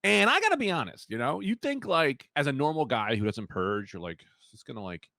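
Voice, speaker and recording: Man rambling through a dark comic story. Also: on the high side, brisk, creaky, no room sound, studio quality. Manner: rambling deadpan storytelling with voiced quotes. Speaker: podcast co-host. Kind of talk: improvised comedic storytelling.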